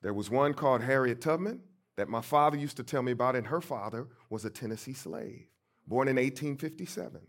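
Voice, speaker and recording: A middle-aged man from St. Louis, a pastor giving a storytelling sermon, emphatic and swinging between soft and loud. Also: medium pitch, brisk. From St. Louis, USA.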